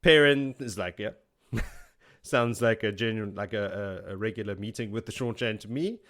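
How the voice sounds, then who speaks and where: A man with a fairly low voice talks through a book recap in a loose, chatty way. He laughs often and slips into characters' lines as quick paraphrased quotes. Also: a bit bright. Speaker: podcast host. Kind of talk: casual book recap chat.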